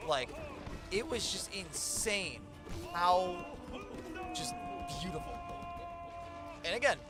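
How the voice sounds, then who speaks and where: A young man chatting casually over a gameplay video, excitable, swearing and laughing often. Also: high-pitched, slow pace, loud music behind the voice. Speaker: co-host watching a gameplay playthrough. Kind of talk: casual gaming chat.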